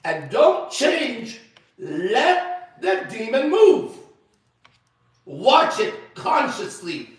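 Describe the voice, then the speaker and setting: A man's voice: very high voice, wildly swooping pitch, drawn-out words, long pauses. A man preaching to a men's group, blunt and emphatic, repeating phrases for stress. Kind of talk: sermon-style teaching. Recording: very echoey room, voice far from mic.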